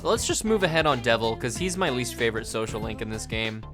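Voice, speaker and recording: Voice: medium pitch, lively intonation, a little fast, over music. A streamer chatting casually through a live game stream, joking and swearing offhand.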